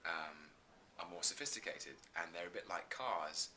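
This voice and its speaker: A man's voice: deep voice, expressive, normal speed, pushed and bright, a little hiss or hum. A man in his thirties, an actor being interviewed, talking earnestly and effusively with many restarts. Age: 30s. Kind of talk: casual interview chat.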